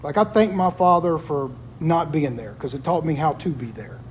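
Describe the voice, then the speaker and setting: A man's voice: on the high side, normal speed, slight background noise. A man talking in a casual chat, telling stories about his family in an earnest, reflective way.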